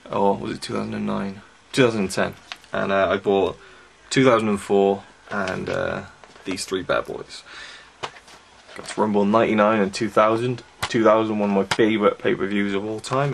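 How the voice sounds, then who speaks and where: A man's voice: lowish voice, gravelly, a bit bright, slight background noise. A young man giving a casual, chatty review of wrestling DVDs, enthusiastic and full of fillers. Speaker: DVD reviewer.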